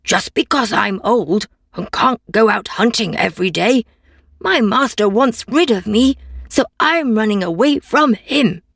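A woman's voice: fairly high pitch, animated, measured pace, vocal fry, a bit bright, husky, no room sound, clean studio sound, full character voice. A woman doing a weary old dog. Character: tired old male hunting dog.

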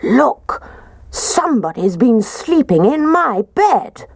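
A woman voices a gruff father bear in an indignant mood, pitching above her own voice in a heavily acted, sing-song delivery. Her voice is a little high and her pace slow, captured in a dry, studio-quality recording.

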